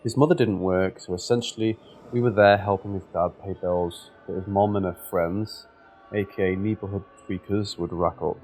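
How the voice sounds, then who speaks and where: A man reading true scary stories aloud in a steady, measured scripted narration. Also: low voice, slight background noise. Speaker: story narrator.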